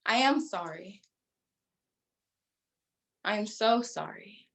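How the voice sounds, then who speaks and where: A young woman voicing a startled, defensive woman therapist during a dramatic poetry reading, her lines yelled and then apologetic. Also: mid-range voice, animated, slow pace.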